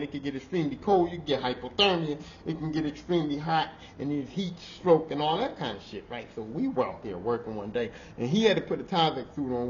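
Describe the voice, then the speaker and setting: A man, a podcast host telling casual work stories in a profane, animated way, laughing and swinging from low mutters to loud outbursts. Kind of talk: casual storytelling. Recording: slightly dull audio with faint noise.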